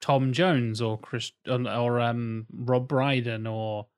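A man in casual conversation with a slow, deliberate, mock-announcing delivery. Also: mid-range voice, fairly even intonation, clear, resonant tone. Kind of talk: casual chat.

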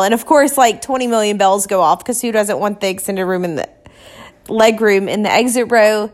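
A woman's voice: mid-range voice, moderate pace. A woman telling a painful personal story in a candid, confessional way, with many fillers and restarts. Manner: acts out short quoted exchanges in her telling. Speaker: podcast storyteller.

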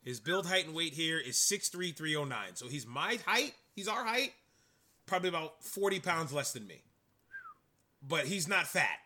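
A man's voice: fairly high pitch, lively intonation, moderate pace, bright, forceful tone. A man co-hosting a podcast, chatting in a rambling, enthusiastic way. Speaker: podcast co-host. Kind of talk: casual chat.

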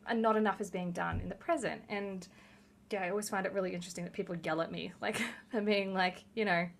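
A woman's voice: mid-range voice, fairly even intonation, fast talker, gravelly, slight background noise. A young adult woman, co-hosting a casual podcast chat and talking earnestly, with lots of "like". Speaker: podcast co-host.

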